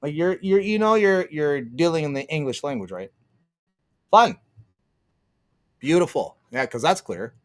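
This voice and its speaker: A man's voice: on the high side, lively intonation, unhurried, pauses often. A man ranting on a livestream, profane and sarcastic, laughing often and answering his chat. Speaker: streamer.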